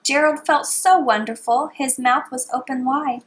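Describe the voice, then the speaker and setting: A mother reading bedtime stories aloud to her baby in a soft, hushed, sing-song manner. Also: sits high, a little slow, few pauses.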